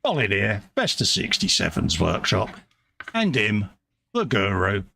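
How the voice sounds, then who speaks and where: A man's voice: fairly low pitch, huge pitch swings, measured pace, gravelly, bright, forceful tone, slight background noise. Chatty British man hosting a stream. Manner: chatty, teasing, reads chat aloud. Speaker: host. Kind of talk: casual live-stream chat. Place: home workshop room.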